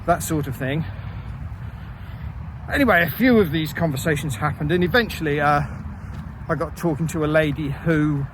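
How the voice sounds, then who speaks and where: A man casually telling a story about his own life, with wry, self-deprecating asides and frequent pauses and fillers. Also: a little high, noisy background. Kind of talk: casual first-person storytelling.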